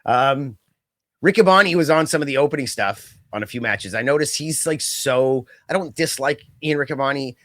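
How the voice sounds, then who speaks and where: A young adult man co-hosting a casual podcast chat, rambling and animated, with lots of fillers and quick mock impressions. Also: mid-range voice. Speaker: podcast co-host.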